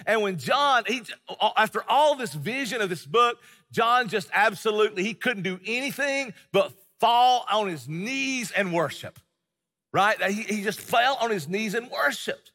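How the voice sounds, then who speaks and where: A middle-aged male pastor preaches in a high, bright voice that rings out with a long reverb through a church hall. He keeps it conversational, piling on fillers and quick restarts. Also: expressive. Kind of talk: sermon.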